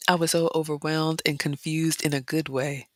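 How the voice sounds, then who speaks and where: A woman vlog host walking viewers through a brunch buffet, chatting casually, reading comments aloud and often dropping into soft excited whispers. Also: deep voice, moderate pace, dry recording, clean studio sound. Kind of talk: casual live-stream walkthrough.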